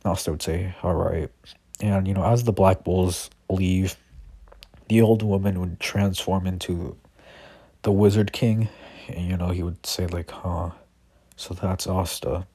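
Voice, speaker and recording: A man's voice: sits low, fairly even intonation, a little slow, warm tone, no room sound. A man improvising a fan story, rambling with constant fillers and restarts.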